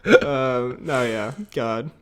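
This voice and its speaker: A man's voice: medium pitch, very slow, clear, resonant tone. A young man co-hosting a podcast in casual chat, joking around and laughing often. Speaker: podcast co-host.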